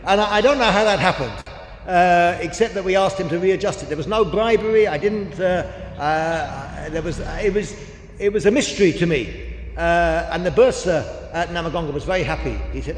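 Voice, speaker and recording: A man's voice: high-pitched, moderate pace, slight background noise. A man, preaching and telling a story with lots of quoted dialogue. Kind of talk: sermon. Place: large church hall. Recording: echoey church hall with long reverb.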